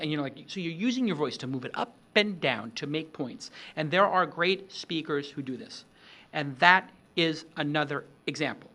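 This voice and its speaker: A middle-aged man hosting a talk on product demos, animated and acting out example pitches with shifting tone. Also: normal speed. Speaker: host. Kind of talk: instructional talk on startup demos.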